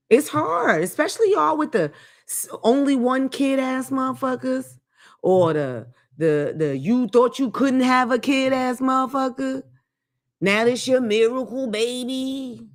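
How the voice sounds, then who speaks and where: A woman's voice: fairly high pitch, very animated, normal speed. A woman hosting a podcast, telling a blunt, profane rant in a comedic monologue. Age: adult with grown children. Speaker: podcast host.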